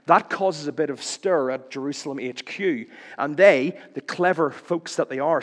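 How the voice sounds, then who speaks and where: A man's voice: fairly high pitch, moderate pace, big-room sound. A man preaching a sermon in a conversational way, with wry jokes and questions to the listeners.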